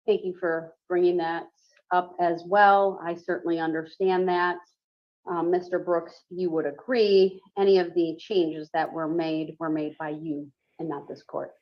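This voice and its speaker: A woman's voice: on the low side, level tone, measured pace. A woman judge running a courtroom hearing in a formal, procedural manner. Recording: muffled courtroom audio.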